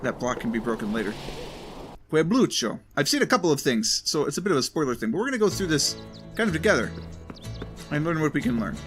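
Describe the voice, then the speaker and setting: A man's voice: fairly high pitch, sing-song, fast talker, fairly bright tone, soft background music. A man hosting a let's play, chatting casually and rambling as he plays, often correcting himself mid-sentence. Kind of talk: casual game commentary.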